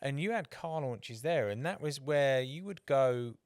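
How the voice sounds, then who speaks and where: A man chatting on a podcast, with a voice of ordinary pitch and a dry, close sound. He rambles through anecdotes, restarts often and swears without a second thought. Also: lively intonation, measured pace, dry recording. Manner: swears freely, tells rambling anecdotes with acted quotes. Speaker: podcast co-host. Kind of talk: casual chat.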